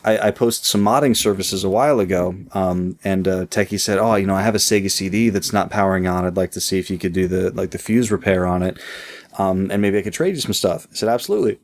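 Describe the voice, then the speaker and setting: A man's voice: low voice, quick pace. A man co-hosting a casual podcast, wry and teasing, with many fillers and restarts. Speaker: podcast co-host.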